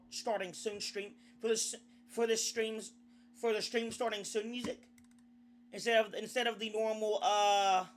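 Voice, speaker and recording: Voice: mid-range voice, pushed and bright. A young adult VTuber chatting casually on a live stream, rambling, often restarting sentences and swearing now and then.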